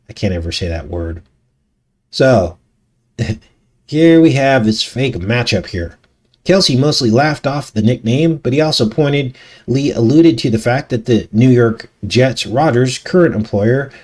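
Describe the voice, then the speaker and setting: A man's voice: medium pitch, a little mellow. A man hosting a casual live talk show, reading news articles aloud with skeptical, conversational asides. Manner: conversational, skeptical, laughs often, rhetorical asides. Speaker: channel host.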